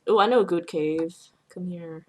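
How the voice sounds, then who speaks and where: A woman's voice: on the low side, normal speed, darkish tone. A young woman hosting a casual chat while playing a video game, telling stories and laughing often. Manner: giggly, laughs often between storytelling. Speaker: channel host.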